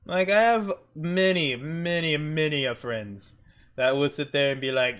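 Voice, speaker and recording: A young man telling rambling stories while drawing on a stream, jumping into high squeaky voices for emphasis. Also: unhurried, fairly bright tone.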